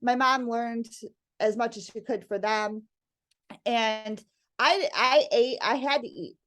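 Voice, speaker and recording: Lively, animated woman telling a story. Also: fairly high pitch, slow. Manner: animated, acts out family dialogue, laughs often. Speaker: guest. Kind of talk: casual storytelling interview.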